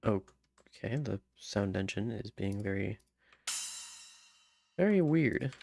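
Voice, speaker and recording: A man's voice: fairly low pitch, lively intonation, slow, creaky, a little mellow. A man casually thinking aloud while composing music, mumbling, trailing off and half-singing lyric lines to himself. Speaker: music maker.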